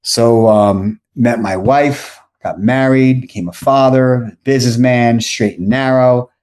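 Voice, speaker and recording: A man's voice: mid-range voice, takes it slowly. A man in his forties, a podcast guest, telling a long rambling story and often correcting himself. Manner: rambling, self-correcting, animated anecdotes. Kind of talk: casual storytelling.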